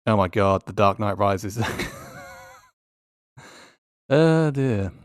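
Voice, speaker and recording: A man's voice: medium pitch, a little slow, pauses often, clean tone, no echo, studio quality. A man giving casual, sardonic commentary on tweets, swearing and laughing as he goes. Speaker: YouTuber.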